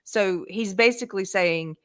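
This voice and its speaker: A woman's voice: medium pitch, a little slow. A woman hosting a casual political talk show, agreeing readily with her guest and reading posts aloud. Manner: agreeing often, reads quotes aloud. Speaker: host.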